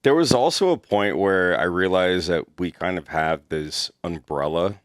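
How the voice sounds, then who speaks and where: A man, a former executive protection agent, telling stories in a casual podcast chat, animated, laughing and swearing freely. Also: deep voice, moderate pace, dry recording, studio quality.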